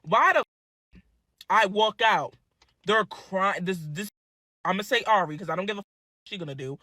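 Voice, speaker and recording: Vlogger, woman: swinging, lively pitch, foul-mouthed storyteller, dry close sound. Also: normal speed, no echo. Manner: crude, animated, swearing. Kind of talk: casual storytelling.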